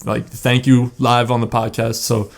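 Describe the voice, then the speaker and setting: A man's voice: mid-range voice, flat delivery, measured pace, vocal fry. Easygoing young man podcast co-host. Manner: easygoing, laughing, giving shout-outs. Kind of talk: casual chat.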